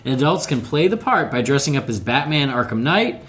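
A man's voice: medium pitch, very animated, fairly quick, fairly bright tone. A man co-hosting a fan podcast, chatting casually and playfully, reading news items aloud. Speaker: podcast co-host. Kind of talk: casual chat.

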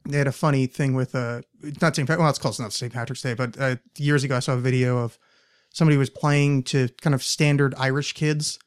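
A man's voice: medium pitch, steady tone, quick pace, clean tone. A young man hosting a podcast, chatting casually in a rambling, sardonic way and swearing freely. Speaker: podcast host. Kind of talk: casual chat.

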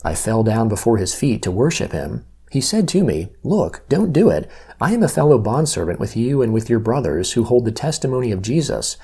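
Male Bible reader, husky and mellow, measured scripture reading. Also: on the low side. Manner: measured, even-paced reading with slow emphasis on key phrases.

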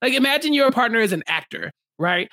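A man co-hosting a podcast in casual chat, talking in an animated, playful, slangy way and acting out what people said. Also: very high-pitched, a little fast, dry recording, clean studio sound. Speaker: podcast co-host.

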